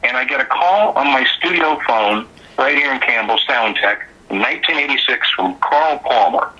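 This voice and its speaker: Bright, husky male musician telling stories. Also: medium pitch, moderate pace, muffled recording. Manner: animated anecdotal storyteller. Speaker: musician guest. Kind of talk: casual storytelling interview.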